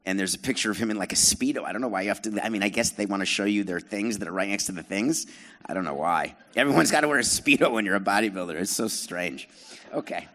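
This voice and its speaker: On stage at his live podcast, this middle-aged former baseball team president talks fast, his voice on the low side, pushed and bright. He spins sarcastic, self-deprecating stories for the audience and teases the crowd.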